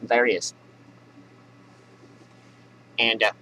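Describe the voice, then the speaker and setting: Profane, sarcastic comedy news host. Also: male voice, medium pitch, animated, unhurried, long pauses, poor audio. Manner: profane, sarcastic, laughs at his own jokes. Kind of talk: ranting comedic news commentary.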